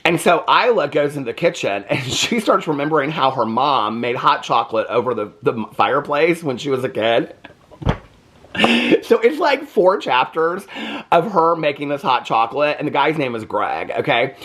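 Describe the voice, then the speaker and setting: Animated, chatty American man. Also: medium pitch, normal speed. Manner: chatty and animated, laughs often. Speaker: book reviewer. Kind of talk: casual chat.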